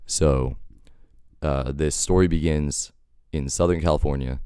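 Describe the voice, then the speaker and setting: Very deep-voiced man telling a rambling story. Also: fairly even intonation, unhurried, dark tone, clean tone, no room sound, clean studio sound. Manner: rambling, filler-heavy, wry. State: sick. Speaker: storytelling vlogger. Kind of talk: casual storytime monologue.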